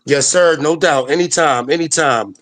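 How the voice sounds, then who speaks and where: A man's voice: fairly high pitch, normal speed, fairly bright tone. A man hosting a casual news show, talking in a loose, laid-back way with fillers. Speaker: host.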